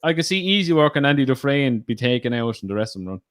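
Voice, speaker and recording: A man co-hosting a casual podcast, blunt and quick to swear when riled. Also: medium pitch, lively intonation, a bit bright. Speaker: podcast co-host. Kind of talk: casual banter.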